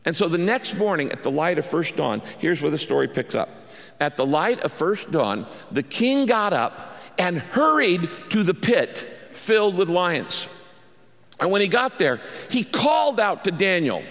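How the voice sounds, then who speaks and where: A man preaching a sermon, telling a scripture story in an animated, emphatic way. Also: high voice, unhurried, long reverb tail. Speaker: pastor.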